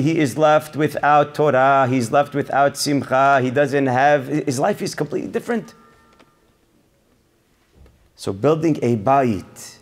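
A man, a rabbi, giving a Torah sermon, swinging between loud emphasis and hushed lines and sprinkling in Hebrew terms. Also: on the high side. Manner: sprinkles Hebrew terms, addresses audience as Morai Rabotai.

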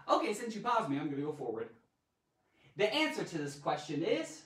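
Playful animated man teaching grammar, roomy echo. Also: on the high side, moderate pace, long pauses. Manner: playful, animated, makes silly sound effects. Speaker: grammar teacher and show host. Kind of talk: live online grammar lesson. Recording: roomy echo, mic at a distance.

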